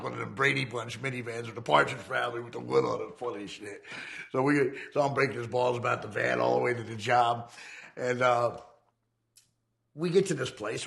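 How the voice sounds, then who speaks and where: Gravelly streetwise man telling stories. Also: mid-range voice, a bit bright. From United States. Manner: profane, streetwise, acts out dialogue. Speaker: former outlaw biker telling his story. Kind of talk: casual storytelling interview.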